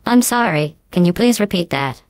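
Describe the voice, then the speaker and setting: A synthetic woman's voice playing a calm, polite voice-recognition elevator that keeps asking to repeat. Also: fairly low pitch, moderate pace, no echo. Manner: calm, prim, repetitive. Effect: text-to-speech voice.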